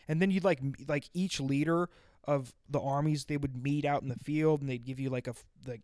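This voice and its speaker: Man, casual podcast storyteller, swears freely, rambles and restarts, a bit high-pitched, dry close recording. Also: steady tone, moderate pace, dry recording.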